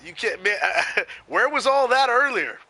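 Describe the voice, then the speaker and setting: A man's voice: very high-pitched, animated, unhurried, pushed and bright. A man commentating a video game match casually, in a jokey, playful way.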